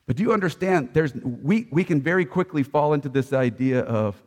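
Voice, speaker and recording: A man's voice: a little high, animated, brisk, hardly any pauses. Impassioned male preacher in a reverberant hall. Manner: impassioned preaching, swelling loud then dropping soft. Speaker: pastor. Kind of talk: sermon.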